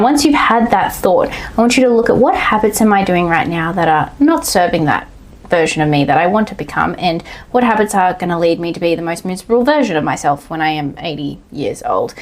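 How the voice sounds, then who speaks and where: A woman, talking through a solo coaching podcast in a blunt, casual way, swearing now and then and yelling out acted lines. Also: mid-range voice. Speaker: online coach and physiotherapist.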